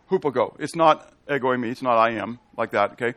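Teaching Bible study as pastor, a man with a medium-pitched voice preaches emphatically, reading from scripture. He stretches quoted verses out slowly and loudly, and he asks questions of his listeners only to answer them himself.

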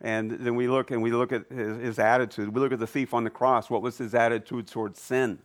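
A man of medium pitch giving an animated Bible lesson to a live group. He keeps questioning the listeners and pushes his voice up when making a point. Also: brisk. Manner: animated, quizzes the audience. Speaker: church teacher. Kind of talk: Bible teaching to a class. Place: room with a live audience.

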